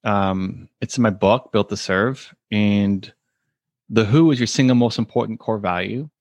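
A man's voice: lowish voice, unhurried, darkish tone, dry recording. Friendly male guest, dry close sound. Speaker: podcast guest, author. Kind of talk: casual interview answers.

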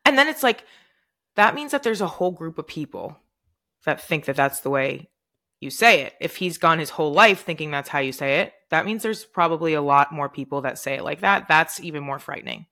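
Young woman podcast co-host, casual and animated, low-pitched voice with a bright edge, quick to laugh and jump in. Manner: animated, laughs often, jumps in with stories. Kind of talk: casual chat.

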